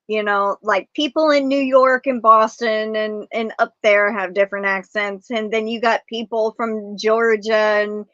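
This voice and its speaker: A woman's voice: medium pitch, a bit bright, dry recording, dull audio. A woman with a Texan accent hosting a casual livestream chat, rambling easily and reading viewer comments aloud. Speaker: livestream host.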